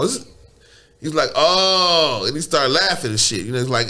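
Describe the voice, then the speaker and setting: A man's voice: high-pitched, sing-song, brisk, creaky, pushed and bright. A man who is a guest on a podcast, telling a story in casual, profane slang, stumbling over repeated words and laughing often.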